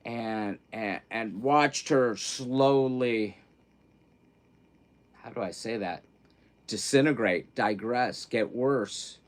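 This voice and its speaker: A man's voice: mid-range voice, takes it slowly, pauses often. Rambling middle-aged man on a livestream. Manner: rambling and candid, swinging between hushed grief and loud excitement; self-interrupting, repeats words. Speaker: livestream host. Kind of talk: casual livestream chat.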